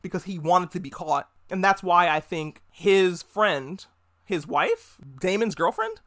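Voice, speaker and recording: A man hosting a podcast, recapping a TV episode in a casual, profane, joking way and acting out the characters' lines in quick voices. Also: sits high, very animated, fairly bright tone. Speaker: podcast host reviewing a TV episode. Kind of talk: casual recap with acted-out quotes.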